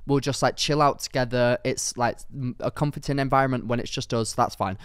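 A young man co-hosting a podcast, telling a story in a rambling, animated way, full of fillers and laughs. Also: medium pitch, a little fast, clean tone, no room sound, studio quality. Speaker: podcast co-host. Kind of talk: casual storytelling chat.

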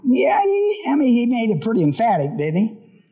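A man's voice: extremely high pitch, huge pitch swings, moderate pace, dark tone. A male pastor reading scripture in a Bible study sermon, stopping often to put questions to his congregation.

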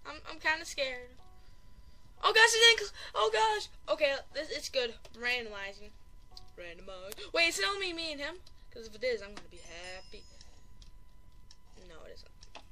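A woman giving very high, bright, panicky gameplay commentary. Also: normal speed, long pauses, faint music behind. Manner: excitable, panicky, exclaims and repeats herself; self-deprecating chatter. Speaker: gaming channel host.

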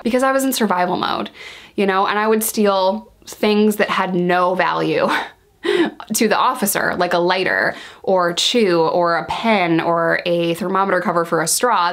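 A woman vlogger telling candid stories about her time in jail, blunt and slangy, acting out what people said. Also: medium pitch. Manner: frank, animated storytelling that acts out quoted dialogue. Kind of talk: candid storytime monologue.

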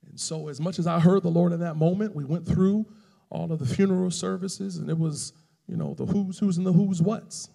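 A male pastor preaching a sermon, telling a personal story and building to loud, emphatic preaching. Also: sits high, fairly even intonation, brisk, vocal fry, big-room sound.

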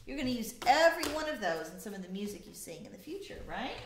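Animated woman leading children's choir lesson. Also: on the high side, fast, hardly any pauses, noisy background. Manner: lively, demonstrative, repeat-after-me teaching. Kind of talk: teaching a children's music lesson. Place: home room. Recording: echoey room with faint music.

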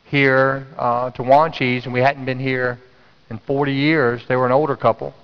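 A man's voice: moderate pace, clear, resonant tone. A man from North Carolina, preaching a sermon and telling a story animatedly, acting out his own inner voice. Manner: animated, acts out his own inner voice with sudden high jumps. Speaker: pastor. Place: church sanctuary. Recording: dull, reverberant church sound.

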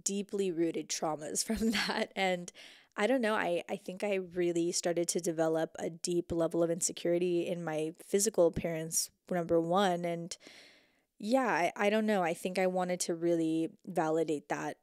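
A woman's voice: lowish voice, fairly even intonation, normal speed, a little mellow, clean tone, dry recording, studio quality. A young woman hosting a podcast, giving a casual motivational talk from the floor. She is emphatic, repeats points for stress and swears freely. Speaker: podcast host. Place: indoors, sitting on the floor.

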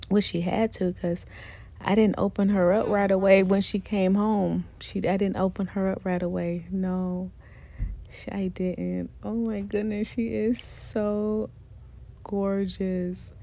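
A woman chatting excitedly to viewers as she unboxes a doll, gushing and repeating her praise, with features. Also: medium pitch, slow, creaky. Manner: gushing, repeats herself, talks to viewers directly.

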